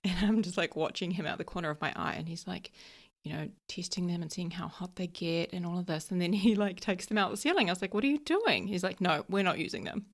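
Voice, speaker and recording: A woman's voice: lowish voice, steady tone, fast talker. A middle-aged woman hosting her own podcast, chatting casually and telling stories with lots of "like" and frequent laughs. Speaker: podcast host. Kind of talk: casual solo podcast chat.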